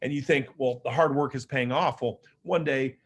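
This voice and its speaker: A man's voice: medium pitch, normal speed. A middle-aged man giving a motivational speech, telling his own story in an earnest, conversational way, with frequent fillers and restarts. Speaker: motivational speaker.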